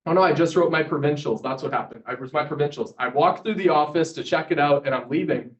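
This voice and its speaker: A man in his twenties from Canada giving an energetic motivational speech to a live audience, telling his story and polling the crowd. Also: on the high side, fast talker. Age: 20s. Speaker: motivational speaker. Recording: distant, dull sound.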